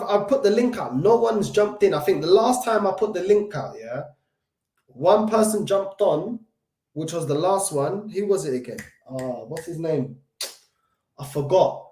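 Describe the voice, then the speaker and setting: Animated London man in a roomy room. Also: on the high side. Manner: animated, slangy, talks straight to chat. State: recovering from covid, short of breath. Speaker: fan channel host reading live chat. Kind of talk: casual live-stream chat.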